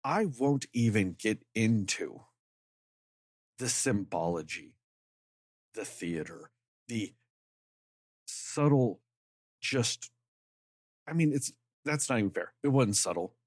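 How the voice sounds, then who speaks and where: Husky dude on a podcast going off, lots of swearing, dry close sound. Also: male voice, fairly low pitch, expressive, slow pace, long pauses, dry recording. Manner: heated, profane, emphatic ranting. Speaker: podcast co-host. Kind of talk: casual podcast chat.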